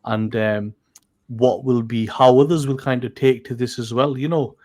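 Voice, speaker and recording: A man's voice: medium pitch, fairly even intonation, normal speed, a little mellow. Hesitant man mulling things over. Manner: thoughtful, hesitant, repeats words. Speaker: podcast co-host.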